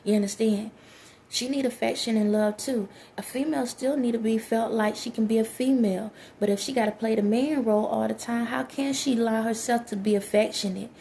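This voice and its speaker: A woman's voice: fairly high pitch, fairly even intonation, fairly quick, creaky, mellow, a little hiss or hum. A woman, giving blunt, preachy relationship advice straight to her listeners in a casual monologue.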